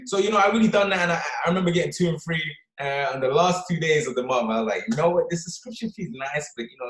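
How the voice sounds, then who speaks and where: A fast-talking man with a slightly high voice delivers a motivational talk to his team. He drives his points home with constant "right?" and "okay?" tags. The sound is echoey, like a bare room. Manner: energetic, punctuates with "right?" and "okay?". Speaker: motivational speaker on a team call. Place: office or London.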